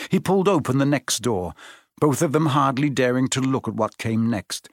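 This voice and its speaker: A man reads a storybook aloud in an even, measured way at a middle pitch. The recording is dry and close, with no room around the voice. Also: breathy edge, no echo. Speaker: audiobook narrator. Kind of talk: storybook narration.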